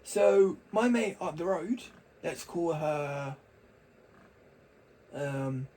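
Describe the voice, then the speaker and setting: Slow, rambling young man. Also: fairly high pitch, lively intonation, warm tone, low-quality recording. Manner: rambling and chatty, with restarts and laughs. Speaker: vlogger. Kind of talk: casual rambling chat to camera.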